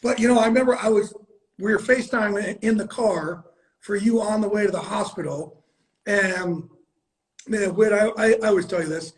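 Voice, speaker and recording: A man's voice: sits high, normal speed, poor audio. A middle-aged man hosting an interview, talking in a blunt, emphatic way and swearing freely. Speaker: host. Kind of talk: casual interview chat.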